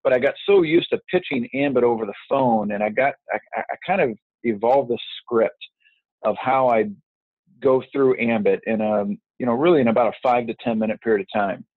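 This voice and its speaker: A man's voice: medium pitch, fairly quick. Man, interview guest, rambling casual talk, phone-line sound, no room echo. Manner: rambling, many fillers and restarts. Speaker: interview guest, business networker. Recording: tinny dry phone line.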